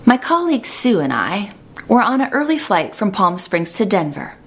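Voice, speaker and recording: A woman preaching a sermon in an earnest, measured way, slowing down for emphasis. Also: mid-range voice, big pitch swings, fairly bright tone, slight background noise.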